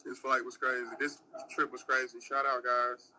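A man's voice: medium pitch, monotone, normal speed, sharp tone, low-quality recording. A man from the United States on a casual phone livestream, near an airport. He rambles, swears and sounds exasperated.

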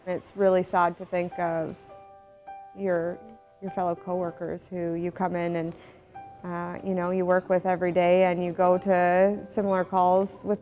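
A woman's voice: on the low side, little pitch movement, measured pace, dark tone. A woman paramedic speaking candidly and matter-of-factly in a documentary interview. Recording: slightly dull audio with faint music behind.

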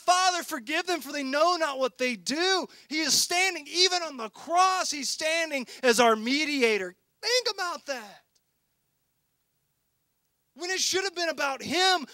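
A man pastor preaching a sermon with impassioned swings between loud emphasis and hushed intensity. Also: extremely high pitch, dry recording, studio quality. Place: church.

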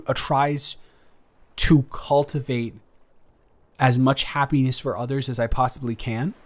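An earnest young man, the best friend's older brother, voiced by a guy in an improvised romantic audio roleplay. He talks in a halting way, stops and restarts his sentences, and his pitch sits in an ordinary middle range. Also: close to an everyday voice. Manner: halting, hesitant, frequent restarts.

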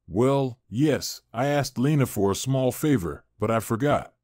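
A man reading the lines of a scheming, bossy older mother-in-law who makes shrill, accusing outbursts. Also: animated, measured pace, a little mellow, no room sound, studio quality. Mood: scornful.

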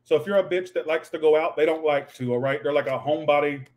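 A man's voice: fairly high pitch, steady tone, fast, a little mellow. A man doing a casual livestream tarot reading, talking in a snappy, profane, ranting way. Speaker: tarot reader.

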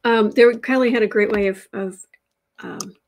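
A woman giving a casual livestreamed tarot reading, drawing her words out and dropping into soft, near-whispered asides. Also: mid-range voice, steady tone, normal speed. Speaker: tarot reader.

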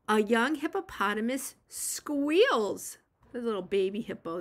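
A woman who teaches preschool, reading a picture book aloud to young children and gently encouraging them to join in. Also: on the high side, sing-song, a little slow.

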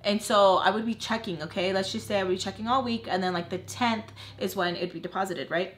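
A woman's voice: mid-range voice, fairly quick. A woman in her twenties telling a candid storytime, rambling with lots of fillers and swearing. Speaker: vlogger. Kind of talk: casual storytime vlog.

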